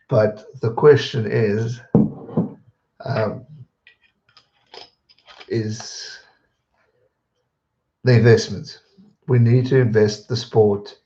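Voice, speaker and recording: Man, livestream host, casual rambling chat, warm low tone, roomy dull sound. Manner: relaxed, rambling, with fillers. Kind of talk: casual chat reading viewer questions.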